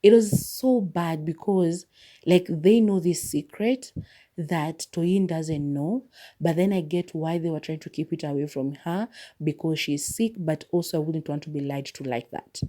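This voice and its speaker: Low-voiced woman chatting about a film. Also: unhurried, warm tone. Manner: chatty retelling with quoted voices and filler words. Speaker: podcast host. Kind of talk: casual movie review.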